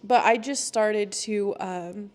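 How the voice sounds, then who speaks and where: A young woman talks casually on her own podcast, chatty and quick to laugh. Her pitch is moderate and ordinary, and now and then she jumps higher to act out what someone else might say. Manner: chatty, laughs often, acts out quoted lines in a higher voice. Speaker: podcast host. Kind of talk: casual solo podcast talk.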